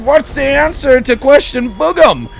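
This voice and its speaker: A man's voice: very high-pitched, lively intonation, a little slow, gravelly, soft background music, voice pushed up, exaggerated voice. A man voicing a strict female schoolteacher who shrieks and scolds. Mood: scolding.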